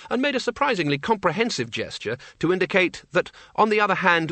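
A man narrating a comic fantasy audiobook with wry, lively storytelling. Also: medium pitch, dry recording.

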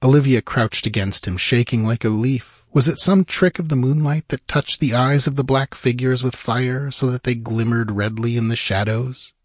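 A man narrating an audiobook in a measured, grave manner with a husky voice. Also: mid-range voice, no room sound, studio quality.

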